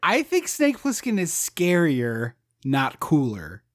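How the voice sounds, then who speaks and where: A man hosting a podcast, rambling with enthusiasm about a movie in casual chat and often trailing off quietly. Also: on the high side, wildly swooping pitch, slow pace. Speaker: podcast host.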